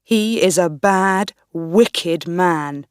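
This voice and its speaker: A woman's voice: lowish voice, extremely slow, smooth, no room sound, studio quality. A woman doing a curt, commanding angry lord. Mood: cold anger. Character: angry armed nobleman giving harsh orders.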